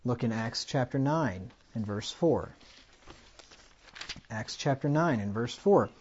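A man preaching a sermon with animated delivery, rising loud on key points and asking the congregation rhetorical questions. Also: medium pitch, slow, husky, highs cut off.

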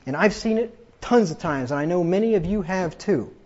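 A man's voice: high voice, lively intonation, moderate pace, a little mellow, dull audio. A man preaching a sermon from the pulpit, emphatic and combative, often repeating himself for force. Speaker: pastor.

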